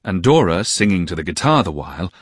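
A man reading a classic novel aloud with expressive storytelling. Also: low voice, fairly quick, slightly rough, dry recording, clean studio sound. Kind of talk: audiobook narration of a classic novel.

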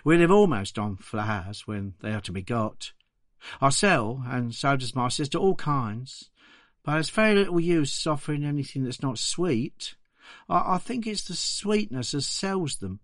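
A man's voice: medium pitch, expressive, a little slow, a bit bright, no echo, clean studio sound. A man voicing a poor young orphan flower girl with an English accent, answering plainly and politely in a documentary reading. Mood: earnest. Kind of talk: documentary reading of a quoted interview.

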